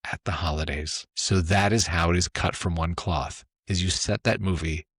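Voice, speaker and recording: A man's voice: low-pitched, fairly even intonation, normal speed, a bit bright, husky, dry recording, clean studio sound. A middle-aged man, a former film executive, telling stories as a podcast guest with enthusiasm, acting out quotes and often asking "right?". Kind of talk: animated storytelling conversation.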